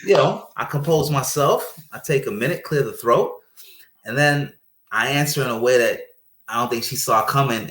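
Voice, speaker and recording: Animated storytelling man, roomy sound. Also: mid-range voice. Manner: animated, repeats phrases for emphasis; speaks in a faith-centered way. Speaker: paramedic guest. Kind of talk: storytelling in a podcast interview. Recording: roomy echo.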